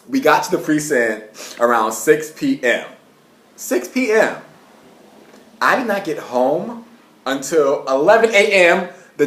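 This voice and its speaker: A young man talks in a loose, animated storytime, swearing freely and breaking into quick rants. His voice sits at an ordinary middle pitch. The room around him sounds noticeably echoey. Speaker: vlogger. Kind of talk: casual storytime monologue. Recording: roomy echo.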